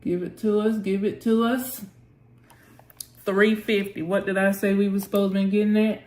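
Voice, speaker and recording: A woman's voice: medium pitch, level tone, normal speed, darkish tone, roomy sound. A woman hosting a live trading session, urging the chart on aloud and calling on the Lord as she talks. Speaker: trading channel host.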